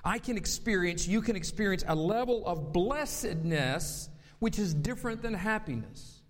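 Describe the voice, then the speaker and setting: A man with a faint Southern accent preaches a sermon in a high voice. He slows down and draws out key words for emphasis. A long hall reverb trails behind him. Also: expressive. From North Carolina. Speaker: pastor.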